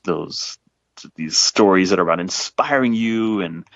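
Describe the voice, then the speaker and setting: A man in his forties with a deep, low voice talks through a casual podcast conversation. He rambles, restarts sentences and leans on fillers. The recording is dry and slightly dull. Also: unhurried, no room sound. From south Texas. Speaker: guest author.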